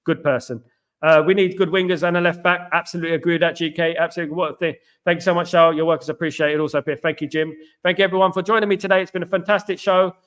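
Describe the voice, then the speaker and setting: A man's voice: on the high side, steady tone, very fast. Chatty London man reading live chat. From London, England. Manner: chatty, repeats phrases, warm shout-outs to viewers. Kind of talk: casual live-stream chat.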